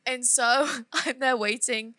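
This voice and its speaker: A young woman co-hosts a podcast in casual chat, giggling through her story and dropping into a hushed tone. Her voice is a touch high and bright, with a tense edge, recorded dry and close. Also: fairly even intonation, no room sound. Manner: giggly, quick asides, softens into quiet storytelling. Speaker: podcast co-host.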